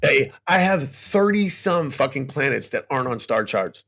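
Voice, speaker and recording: Man, livestream guest, gravelly, husky, very lively pitch, agitated, profane. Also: normal speed. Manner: agitated and profane, cursing constantly; boastful, then distressed and pleading. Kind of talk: emotional casual chat.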